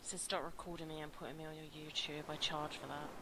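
A woman's voice: deep voice, level tone, quick pace. A woman speaking curtly and with annoyance to another player. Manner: annoyed, curt. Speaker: other player. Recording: voice chat with loud crowd noise.

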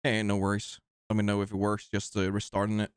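A man's voice: fairly low pitch, monotone, fast, smooth, dry recording, clean studio sound. A man with a Swedish accent hosting a live game stream, casually joking and thanking viewers. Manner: jokey, rambling, thanking viewers. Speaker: streamer host.

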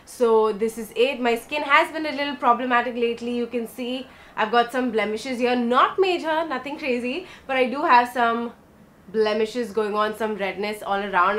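A woman's voice: fairly high pitch, fairly bright tone. A young woman vlogging a makeup tutorial, chatting bubbly and directly to her viewers. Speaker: beauty vlogger. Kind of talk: casual makeup tutorial chat.

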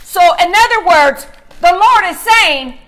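A woman pastor preaching, emphatic, slowing down to stress scripture. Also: very high voice, animated, fairly bright tone. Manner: emphatic, slows to stress scripture, asks "Amen?". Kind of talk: sermon.

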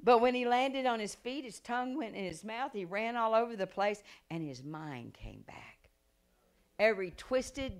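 A middle-aged woman evangelist preaching a revival sermon, telling stories with acted-out voices and rising to a loud preaching cadence. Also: on the high side, normal speed. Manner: animated storytelling, acts out voices and gasps.

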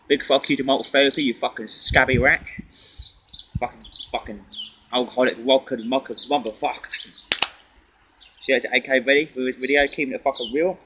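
A man recording a rambling, profane vlog outdoors in a snowy garden, coughing often as he gives shout-outs. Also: mid-range voice, steady tone, normal speed, long pauses. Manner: profane, rambling, swears constantly. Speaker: vlogger. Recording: loud wind noise outdoors.

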